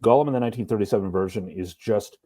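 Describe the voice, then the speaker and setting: A man co-hosting a podcast, talking through a book in a thoughtful, measured way. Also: lowish voice, mellow, dry recording. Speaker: podcast co-host. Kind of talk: casual book discussion.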